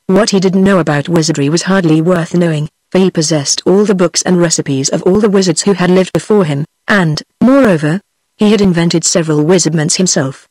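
A computer-generated woman's voice with a British accent, reading a fairy tale aloud in an even synthetic manner. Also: lowish voice, fairly quick, no echo. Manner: even synthetic reading of all parts in one voice. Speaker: narrator. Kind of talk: text-to-speech audiobook reading.

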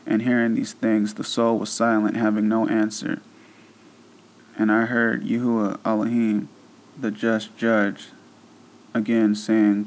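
Male scripture reader, lowish voice, very flat and solemn delivery. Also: a little slow, poor audio. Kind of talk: religious text reading.

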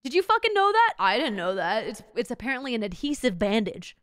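A young woman in her twenties streaming, chatting casually in a rambling, loud way, swearing a lot, laughing and breaking into shouts. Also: a little high, sing-song, fast, no echo, clean studio sound. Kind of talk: casual chat.

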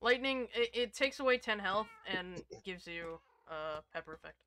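A woman streaming a game with friends, bantering loudly, laughing and swearing. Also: mid-range voice, expressive, moderate pace, noisy background. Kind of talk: casual gaming chat.

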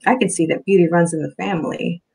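A sleazy young man leans in with slow, oily flattery, as a female reader acts him out. His voice slides between hushed and showy with a gravelly texture. He sounds pleased with himself. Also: low-quality recording. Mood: smarmy. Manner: smarmy, flattering, low and slow. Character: smooth-talking, sleazy young man, the boyfriend.

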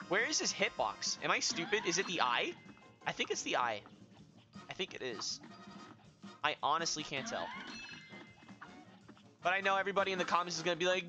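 A young man giving excitable, self-mocking commentary while playing a video game, often yelling. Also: a little high, brisk, pauses often. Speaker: gaming video host. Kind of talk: live let's-play commentary. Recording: dull lo-fi with game music behind.

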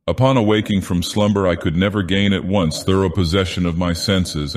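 A man's voice: deep voice, natural voice. A man voicing a grandiose, menacing ancient god-villain as he narrates a horror tale solemnly. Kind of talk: dramatic horror reading. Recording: long reverb.

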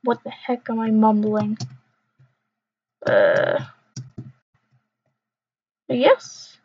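A young woman with a fairly high voice talks slowly and loosely while she plays, mumbling to herself and tossing out jokey trash talk. The sound is dull and lo-fi, like a cheap home mic. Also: huge pitch swings, darkish tone, breathy edge. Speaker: gamer. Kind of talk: casual gameplay commentary. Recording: dull lo-fi recording.

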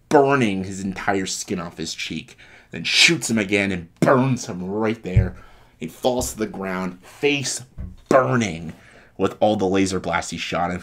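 Low-voiced young man excitedly pitching a movie. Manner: breathless and profane, acting out lines and sound effects. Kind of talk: excited comedic retelling.

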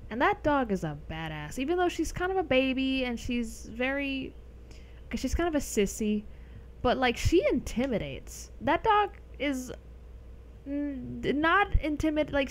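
Chatting casually over gameplay on a live stream, a young adult woman rambles to her viewers and laughs often. Her voice is high-pitched, and there's a little hiss or hum.

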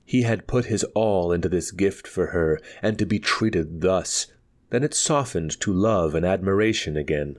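A man narrating a pulp story aloud in a measured, dramatic reading. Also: low-pitched, a little mellow. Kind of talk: audiobook narration.

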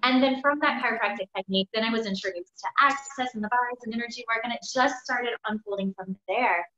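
A woman speaks candidly over a video call, her voice sitting a little high for a woman. The audio is echoey and dull, the kind of lo-fi sound a webinar gives. Her delivery is emphatic and frank. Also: fast talker, bright, forceful tone. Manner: candid, emphatic, swears freely. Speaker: webinar guest speaker, chiropractor. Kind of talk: personal story told on a webinar.

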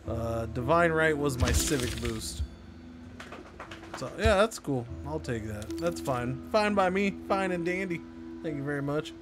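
A man's voice: fairly high pitch, lively intonation, unhurried. A man casually commenting on his own gameplay during a live stream, talking to himself and sarcastically answering chat. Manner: chatty, self-talking, sarcastic asides to chat.

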